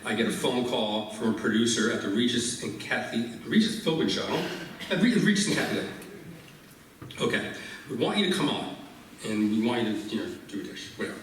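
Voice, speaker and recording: Man, chef, stage interview, animated storytelling, far from mic, booming hall echo. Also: brisk, a little hiss or hum. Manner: animated anecdote with laughs and restarts. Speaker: chef and guest. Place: live stage interview before audience.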